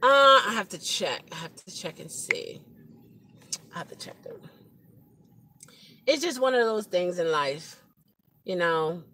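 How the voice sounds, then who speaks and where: A woman's voice: fairly low pitch, animated, measured pace, long pauses, bright, forceful tone, poor audio. A woman vlogging from her car as a rideshare driver, musing reflectively and laughing often. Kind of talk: casual vlog monologue. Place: inside a car.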